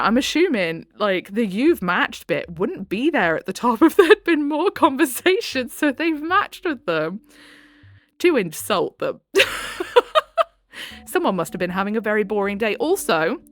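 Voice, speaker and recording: A woman's voice: a little high, dry recording, studio quality. A woman reading dating-app posts aloud, giggling and adding sarcastic asides. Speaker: channel host reading posts. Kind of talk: casual reading with commentary.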